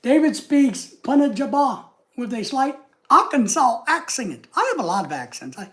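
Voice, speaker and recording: A man's voice: extremely high pitch, big pitch swings, normal speed, fairly bright tone. An American man hosting a livestream, chatting casually and reading out and greeting viewer comments from his home desk. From United States. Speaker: livestream host. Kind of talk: casual live chat.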